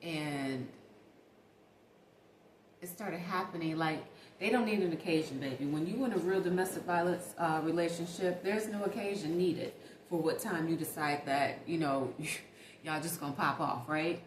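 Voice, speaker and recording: Over a noisy background, a woman with a low-pitched voice tells her viewers a story at normal speed in a casual monologue. She's chatty and emphatic, addressing them as "baby" and "y'all," and the room echoes with faint ambience.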